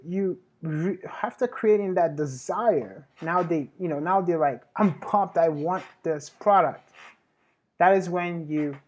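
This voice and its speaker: With a mid-range, darkish voice, the host, a web marketing advisor, walks through a casual marketing tutorial, correcting himself and restarting often in a chatty way. He laughs while promoting his own services.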